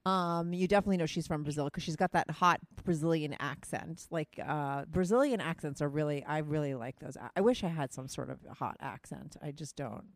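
A woman's voice: low voice, a little fast, hardly any pauses, no room sound. Blunt chatty woman with a Jersey accent. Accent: New Jersey or New York. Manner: blunt, chatty, swears freely. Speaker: podcast host. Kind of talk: casual chat. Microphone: phone call with co-host.

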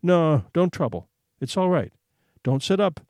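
A man's voice: fairly high pitch, sing-song, unhurried, darkish tone, no echo, clean studio sound. A man doing a tense, anxious mother. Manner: clipped, anxious questioning. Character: anxious upper-class mother, tense and cool.

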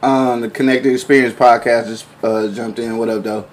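A man hosts a live show, talking in loose, slangy banter and reading comments aloud. His voice is mid-pitched and plain. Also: flat delivery, moderate pace, a little hiss or hum. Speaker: host. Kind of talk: casual radio show chat.

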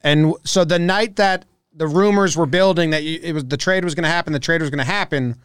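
Man, higher pitch, resonant clear voice, dry sound, playful podcast host. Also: a bit bright, dry recording. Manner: playful, quick banter. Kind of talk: casual podcast chat.

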